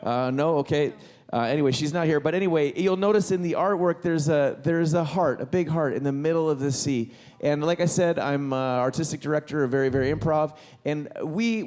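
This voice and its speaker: A man's voice: a little high, a little mellow. A man emceeing a live concert and art auction, talking casually and rambling, with many restarts. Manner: rambling, self-interrupting, enthusiastic. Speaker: event host. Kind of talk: casual stage emcee talk. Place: live concert venue, on stage.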